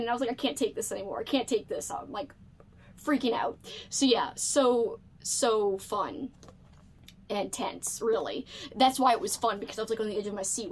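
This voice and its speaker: A woman's voice: fairly high pitch, a little hiss or hum. A woman book vlogger chatting casually to camera, bubbly and full of "like" fillers.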